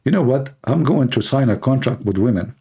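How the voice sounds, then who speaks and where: Joking livestream host, a man with a gravelly, warm, darker voice who mocks freely and tells stories with animation. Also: mid-range voice, a little fast. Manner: mocking, joking, animated storytelling. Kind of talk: casual comedic chat and anecdote.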